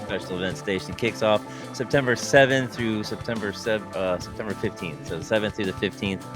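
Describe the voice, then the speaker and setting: A man co-hosts a casual hobby podcast in a low voice, hesitating often with ums and uhs. Music plays clearly beneath his voice. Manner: halting, many ums and uhs. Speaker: co-host. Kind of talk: casual ham radio chat.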